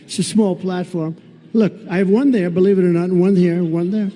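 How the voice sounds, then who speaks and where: Speaking a little fast with fairly even intonation, a candidate at a rally keeps circling back to the same blunt, sarcastic phrases. His voice is mellow though high for a man, and each phrase trails off into long large-hall reverb.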